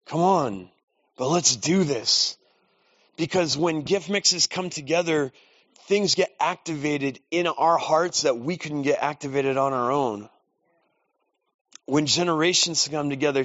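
A man's voice: fairly high pitch, dry recording. A man preaching in a casual, storytelling way, with self-deprecating asides. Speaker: pastor. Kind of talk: sermon. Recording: dull lo-fi dry recording.

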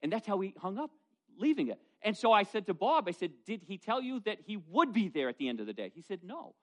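A middle-aged male pastor preaching a sermon, telling folksy personal stories in an animated way. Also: high-pitched, a little fast. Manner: storytelling, animated, folksy asides.

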